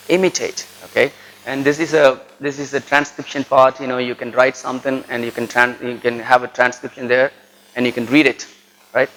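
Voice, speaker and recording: A man's voice: medium pitch, fairly bright tone, rough recording. A man with an Indian English accent giving a pronunciation lesson to students, repeating words with heavy stress and checking in with "right?". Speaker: lecturer. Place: college lecture.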